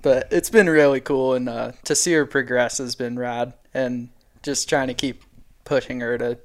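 A man's voice: mid-range voice, steady tone, normal speed. A man, a guest on an interview, speaking in a laid-back, easygoing way about coaching his sister. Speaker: guest, older brother of a rider. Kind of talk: casual interview chat.

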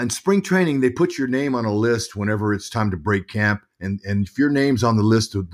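A middle-aged man, a former ballplayer, telling stories as an interview guest in a lively, halting way that often repeats words. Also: mid-range voice. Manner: animated storyteller, repeats words while thinking. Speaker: guest, former pro baseball player and broadcaster. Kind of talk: casual interview storytelling.

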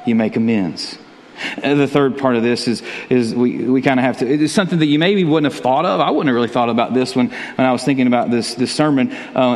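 A man preaching a sermon as pastor, talking in a conversational way, often repeating words and chuckling. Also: mid-range voice. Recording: long reverb of a large hall.

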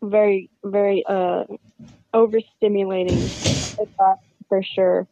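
A woman in casual chat, talking relaxed and easygoing with lots of "like". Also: medium pitch, unhurried, slight background noise. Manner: relaxed, chatty, filler "like" often. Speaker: podcast co-host. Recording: dry, slightly muffled mic.

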